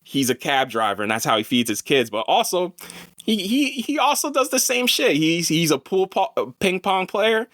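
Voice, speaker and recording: Man, podcast host, casual slangy chat, animated, higher voice, dry sound. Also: normal speed, no room sound. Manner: animated, swearing, slangy, laughs a lot. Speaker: podcast host, film reviewer.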